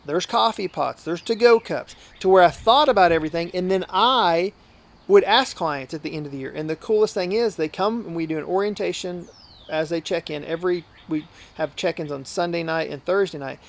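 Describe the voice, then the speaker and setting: High-voiced, earnest hunting outfitter. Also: male voice, brisk, vocal fry. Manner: earnest, talkative, often acts out quoted dialogue. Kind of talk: casual storytelling in a podcast interview.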